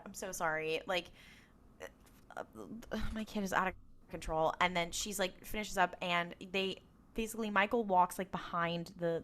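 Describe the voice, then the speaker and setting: A woman's voice: fairly low pitch, a bit bright. A woman co-hosting a casual recap podcast, telling the story with lots of energy, acting out lines and laughing often. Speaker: podcast co-host.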